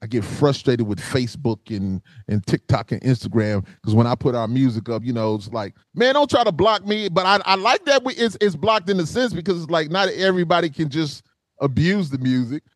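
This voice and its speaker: An older man hosting a podcast interview, talking in an animated, casual way, laughing often and calling his guest "man". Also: fairly high pitch, fairly quick, no room sound, clean studio sound. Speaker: podcast host.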